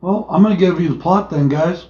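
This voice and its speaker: In an echoey room with dull, lo-fi sound, a male podcast co-host with a high-pitched, dark-toned voice talks fairly quickly. He reviews movies casually, staying laid-back and jokey and swearing freely.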